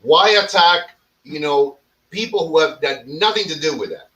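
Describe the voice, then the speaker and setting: Bright, animated male podcast host. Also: fairly high pitch, moderate pace, distant mic, low-quality recording. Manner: animated, swears freely, mock-dramatic. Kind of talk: casual profane chat.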